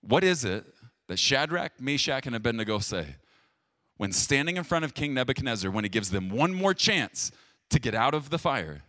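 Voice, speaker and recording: A male pastor delivering a sermon straight to his viewers, with a lively voice that leaps up for emphasis and sinks low and quiet. His sound is close and dry, with no room around it. He talks plainly and directly. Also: normal speed, no room sound. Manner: emphatic, swinging from loud stresses to hushed low lines.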